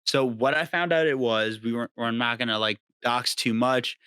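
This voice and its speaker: A man's voice: medium pitch, moderate pace, sharp tone, smooth, no room sound. A young man co-hosting a podcast, telling stories in casual, profane, exasperated chat. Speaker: podcast co-host.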